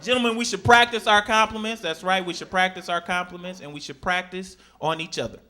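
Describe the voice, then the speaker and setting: A man performing a stand-up comedy set on a club stage, telling animated stories and jumping into shrieking high voices for his characters. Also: brisk. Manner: animated storytelling, sudden high-pitched shrieks in acted quotes. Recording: live club recording with crowd laughter.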